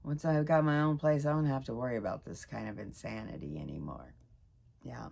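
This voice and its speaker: A woman in her sixties giving a rambling, emotional personal vlog update; her voice jumps high when she gets excited. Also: fairly quick, vocal fry. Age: 60s. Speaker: vlogger.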